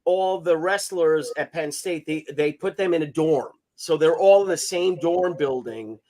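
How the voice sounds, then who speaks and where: A man in his fifties hosting a comics livestream, telling family stories in a casual, animated way, swearing and laughing as he goes. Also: a little high, measured pace. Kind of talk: casual storytelling chat.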